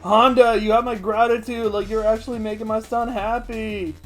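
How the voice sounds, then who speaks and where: A man's voice: medium pitch, lively intonation, moderate pace, faint music behind, voice pushed down, natural voice. A man casually voicing a proud middle-aged swordsman father while recapping a manga. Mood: explaining. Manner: casual, offhand quoting.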